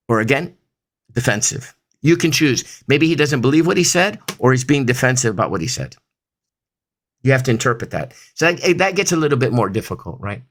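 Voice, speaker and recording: A man teaching body language and voice control in an explanatory talk, demonstrating examples and checking in with frequent asides. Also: medium pitch.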